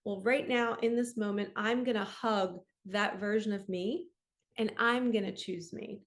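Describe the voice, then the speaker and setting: A woman's voice: mid-range voice, steady tone, unhurried. A young adult woman giving an earnest motivational talk as a spiritual coach, often speaking out imagined inner dialogue.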